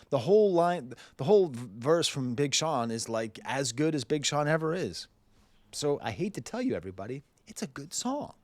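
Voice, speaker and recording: Man, 40s, music reviewer, sarcastic, blunt, mid pitch, dry. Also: no room sound. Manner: blunt, sarcastic, laughs often. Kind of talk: casual commentary.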